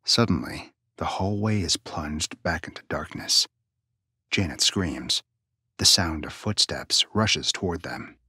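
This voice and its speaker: Hushed, breathy low-voiced male narrator. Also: expressive, slow, no room sound, clean studio sound. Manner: hushed, suspenseful, often near a whisper. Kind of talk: scripted story narration.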